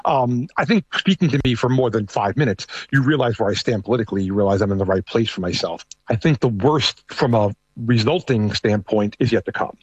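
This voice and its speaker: A middle-aged man with a thick New York accent and a husky, slightly rough voice. He talks conversationally, often restarting his sentences. The recording is dry and close. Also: mid-range voice, fairly quick, hardly any pauses, no echo, dull audio. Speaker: guest, American living in Canada. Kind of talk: casual discussion.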